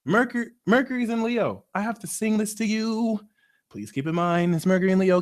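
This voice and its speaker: A man hosting a live astrology Q&A stream, talking in a theatrical, excitable, jokey way. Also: high voice, normal speed.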